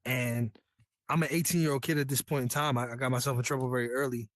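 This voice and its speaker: A man's voice: mid-range voice, fairly even intonation, fast, no room sound. A man from New York, a Navy veteran guest, telling his story in a candid, earnest, slangy way. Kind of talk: casual storytelling.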